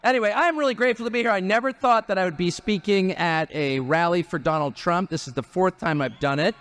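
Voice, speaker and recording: A man's voice: high-pitched, quick pace, fairly bright tone. A man in his fifties giving a rally speech with wry, joking asides. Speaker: guest speaker at a political rally.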